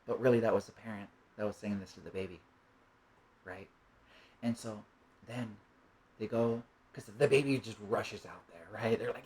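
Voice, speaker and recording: A man's voice: fairly low pitch, normal speed, pauses often, a little mellow, poor audio. A man giving a reflective spoken monologue, rambling and musing, often checking in with "right?". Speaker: monologue speaker.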